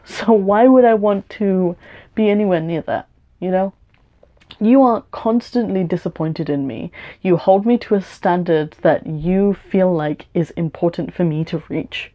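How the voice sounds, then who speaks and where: A young woman rants frankly in a personal video, swearing freely and restarting her sentences as she works through her thoughts. Her voice sits somewhat low, and the home recording sounds muffled and lo-fi. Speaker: vlogger. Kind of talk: personal rant to camera. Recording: dull lo-fi home video audio.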